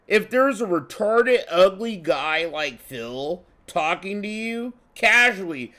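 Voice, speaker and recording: High, animated man reacting profanely. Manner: profane, excitable, rambling. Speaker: restream commentator. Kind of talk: casual reaction commentary.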